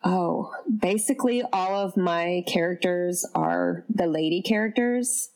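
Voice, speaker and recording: A woman's voice: lowish voice, a little slow, vocal fry. A woman from the Southern United States, a podcast guest, telling stories in casual chat and laughing often. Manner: laughs often, animated storytelling.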